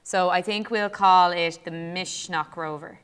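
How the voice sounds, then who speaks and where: A woman's voice: on the low side, fairly even intonation, a little slow, fairly bright tone, clean tone. A young Irish woman co-hosting a lesson, chatting and thinking aloud as she demonstrates a build. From Ireland. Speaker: co-host teacher. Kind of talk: casual classroom demo while playing.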